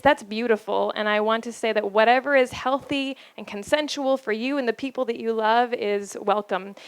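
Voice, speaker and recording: Speaking to a live audience, a woman tells stories about relationships, playful and often laughing, with dramatic pauses. Her voice is a little high and smooth, and the recording is dry.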